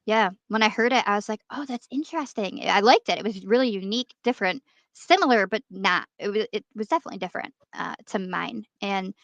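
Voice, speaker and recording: Woman from New York, animated casual chatter, bright tone, dry muffled recording. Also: mid-range voice, no room sound. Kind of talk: casual chat. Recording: dry dull lo-fi audio.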